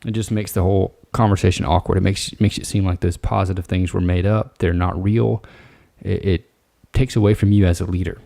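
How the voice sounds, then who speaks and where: A man hosts a solo advice podcast, speaking low with a gravelly edge. His tone is mellow and relaxed, direct and coaching rather than formal. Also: fairly quick. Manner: casual, direct, coaching tone with frequent "all right". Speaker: podcast host.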